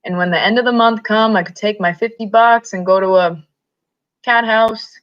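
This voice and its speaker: A woman voicing a weary, tough ranch hand who speaks flatly and quietly, in a slightly muffled recording. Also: medium pitch, normal speed, natural voice. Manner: flat, quiet, terse.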